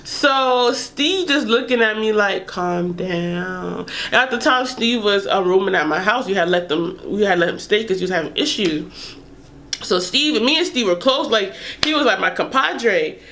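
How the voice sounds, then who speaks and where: A young woman vlogger telling a casual story in an animated, profane way, laughing as she goes. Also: medium pitch, normal speed, a little hiss or hum.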